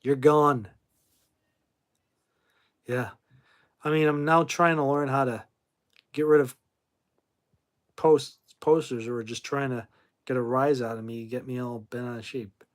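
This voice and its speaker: A man's voice: mid-range voice, steady tone, normal speed, long pauses. A man hosting a late-night livestream about classic rock, sleepy and yawning, rambling bluntly with some swearing. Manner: drowsy, rambling, blunt and profane. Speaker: livestream host.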